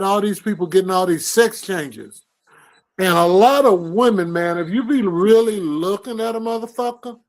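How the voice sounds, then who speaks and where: Loud profane man teasing on a morning show. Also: sits high, rough recording. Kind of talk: casual banter.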